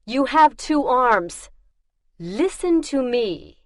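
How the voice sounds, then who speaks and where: A woman's voice: fairly high pitch, very animated, drawn-out words, dry recording, clean studio sound, voice pushed up, heavily acted. A woman voicing a trapped man who gives urgent, controlled commands. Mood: urgent orders.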